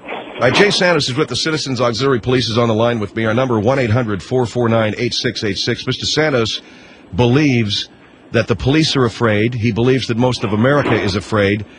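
A man's voice: medium pitch, fairly quick, background noise. A man hosting a radio call-in show, sounding incredulous and dryly sarcastic with a caller. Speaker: radio talk show host.

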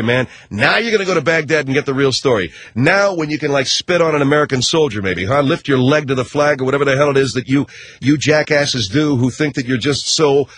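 A man's voice: mid-range voice, a bit bright. A man ranting on talk radio in a combative, sarcastic, mocking way. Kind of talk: radio rant.

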